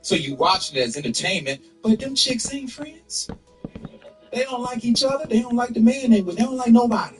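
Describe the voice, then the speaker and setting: A man doing a loud, animated stand-up comedy set and laughing at his own jokes. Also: very high-pitched, normal speed, far from the mic, faint music behind.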